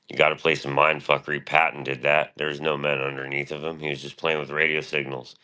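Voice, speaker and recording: Super deep voiced guy ranting on his stream, cussing a lot, kinda bright edgy tone. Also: level tone, brisk, hardly any pauses, clean tone. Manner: profane, boastful, rambling. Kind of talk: rambling casual monologue.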